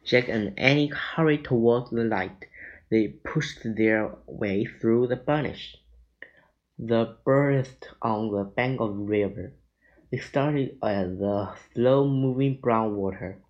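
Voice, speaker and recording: A man slowly reading a children's chapter book aloud, deliberate and stumbling now and then, on a dull lo-fi recording. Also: mid-range voice. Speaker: narrator.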